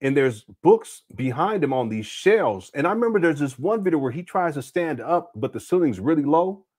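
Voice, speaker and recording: A man's voice: fairly high pitch, big pitch swings, normal speed. Rambling, laughing man hosting a livestream. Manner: rambling, frequent restarts and fillers; loud, laughing banter with viewers. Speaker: host. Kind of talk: casual livestream commentary.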